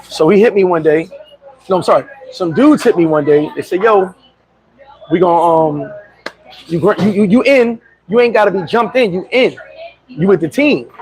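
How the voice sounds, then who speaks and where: A middle-aged man telling a story casually on a livestream, boastful and animated, laughing and swearing often. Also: high voice, moderate pace, pauses often, rough recording. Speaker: vlogger.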